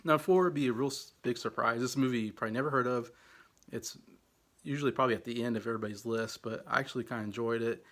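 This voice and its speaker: A man's voice: mid-range voice, fast, fairly bright tone. A man reviewing old films in a casual, rambling way, full of fillers and hedges. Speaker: film reviewer. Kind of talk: casual movie ranking talk.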